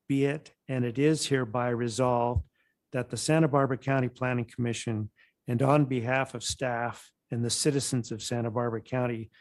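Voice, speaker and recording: A man with a mid-range voice reads a formal resolution at a public meeting. His delivery is measured and deliberate. The sound is dry and close, with no room echo. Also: medium pitch, darkish tone. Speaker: commission chair.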